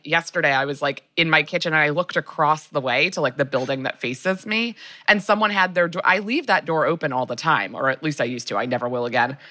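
A woman's voice: sits low, sharp tone, no echo, clean studio sound. A woman co-hosting a podcast in casual chat, telling rambling stories full of fillers. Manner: rambling, filler-heavy storytelling. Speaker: podcast co-host.

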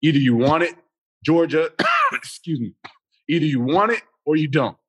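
A man, a former football player, telling a game story as a podcast guest in a blunt, emphatic and animated way. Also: on the high side, normal speed, breathy edge. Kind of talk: casual sports talk.

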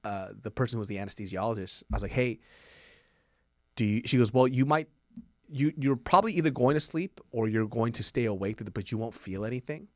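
Animated swearing man telling stories. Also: medium pitch, fairly quick, no room sound, studio quality. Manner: animated, swearing storyteller who acts out quotes loudly. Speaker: podcast co-host. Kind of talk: casual storytelling chat.

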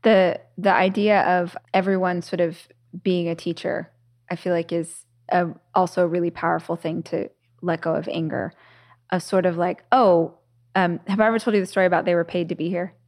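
A woman's voice: fairly low pitch, steady tone, normal speed, a little mellow. Reflective woman hosting a podcast. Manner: reflective, storytelling, many "like" fillers. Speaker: podcast host. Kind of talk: casual conversational podcast.

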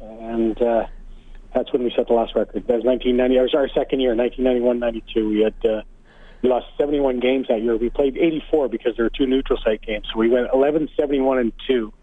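Over a thin, phone-like line, a man tells hockey stories in a relaxed, chatty way. He laughs between anecdotes and sounds like a former coach calling in to a radio show. The sound is close and dry, with no room around him. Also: medium pitch, fast talker, no room sound. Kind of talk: casual storytelling on sports radio. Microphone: phone call.

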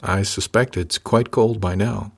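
A man's voice: on the low side, steady tone, unhurried, gravelly, slightly rough, full character voice. A man voicing a wry young female ship officer who teases with a drawl in a science fiction audiobook. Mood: teasing. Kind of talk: audiobook character voice.

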